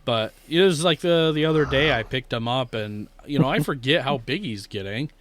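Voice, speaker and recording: A man's voice: medium pitch, lively intonation, moderate pace, fairly bright tone, slight background noise. A young man co-hosting a podcast in casual chat, telling rambling stories as a first-time dad, swearing freely and laughing often. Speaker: podcast co-host.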